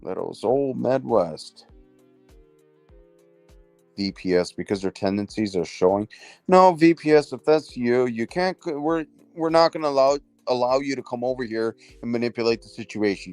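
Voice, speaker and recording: A man's voice: medium pitch, normal speed, darkish tone, no room sound, soft background music. A man hosting a casual livestream, talking bluntly and profanely as he scolds a rival. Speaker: livestream host.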